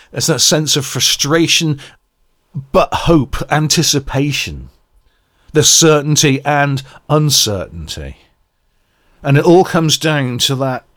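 Male music reviewer, reflective, earnest, mid-pitched, speaks to radio listeners. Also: a bit bright. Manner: reflective, earnest, searching for words. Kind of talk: radio album review commentary.

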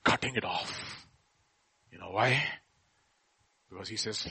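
A middle-aged man preaching a sermon, passionate and full of rhetorical questions, dropping to a hush and then rising to a shout. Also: sits low, measured pace, gravelly, pauses often, slightly rough. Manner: impassioned, swinging from hushed to shouting; asks the listeners rhetorical questions.

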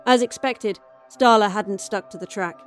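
A woman's voice: medium pitch, moderate pace, faint music behind. A woman reading a first-person sci-fi horror story aloud as storyteller, in a wry, dry tone. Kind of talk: scripted horror story narration.

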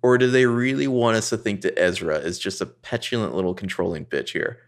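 A man co-hosting a casual TV recap, animated and profane, often acting out the scenes. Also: fairly low pitch, a little fast. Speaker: podcast co-host.

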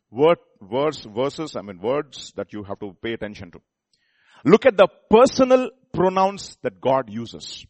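A man delivering a sermon in a fairly high voice, talking to the congregation as if chatting with them. He keeps asking them questions and often restarts and repeats his words. The sound is dry and close, with little room echo. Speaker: preacher.

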